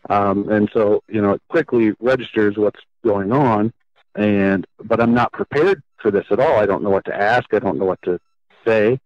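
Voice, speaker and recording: A man earnestly telling his own life story as a podcast guest, halting and restarting as he goes. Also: lowish voice, no room sound. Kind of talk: personal storytelling in an interview. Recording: slightly muffled, dull lo-fi sound.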